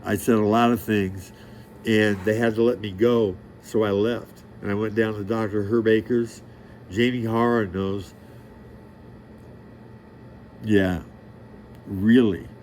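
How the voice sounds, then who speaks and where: A middle-aged man with a somewhat low voice delivers a rambling monologue straight to the listener. He is brash and crude, bragging and peppering his talk with street slang. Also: fairly even intonation, normal speed, a little mellow, slight background noise. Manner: profane, boastful, streetwise; rambling, loses track of the story. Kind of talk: rambling direct-to-camera monologue.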